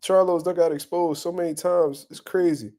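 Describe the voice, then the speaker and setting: A young man hosting boxing talk, ranting bluntly and profanely in a casual, animated way and laughing often. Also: high voice, normal speed. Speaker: boxing commentary host.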